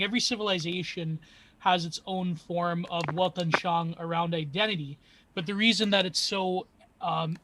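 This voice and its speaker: A man's voice: high voice, sharp tone. A man in a casual discussion, theorizing at length in wordy terms.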